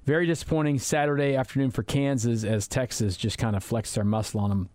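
A man's voice: medium pitch, steady tone, darkish tone, dry recording. Chatty man hosting sports radio. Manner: chatty, rambling, quick asides. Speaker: fill-in sports radio host. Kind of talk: sports talk radio chat. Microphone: studio microphone.

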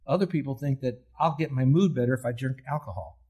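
Middle-aged guy preaching, husky voice, earnest and chatty, gets louder when he pushes a point. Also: medium pitch, fast talker. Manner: earnest, conversational preaching with rising emphasis. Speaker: pastor. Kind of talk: sermon.

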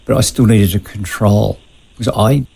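A man speaking as a radio interview guest, measured and confessional about his past. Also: fairly low pitch, steady tone, vocal fry, mellow, husky, low-quality recording. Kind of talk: personal testimony in a radio interview.

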